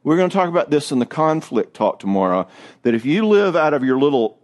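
A man's voice: a little high, sing-song, fairly quick. A middle-aged man giving a church marriage seminar, a joking, self-deprecating storyteller. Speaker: marriage speaker.

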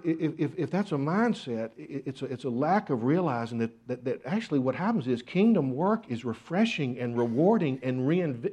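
A man's voice: fairly high pitch, warm tone, breathy edge. A man preaching a sermon, earnest, with repeated rhetorical questions. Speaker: pastor.

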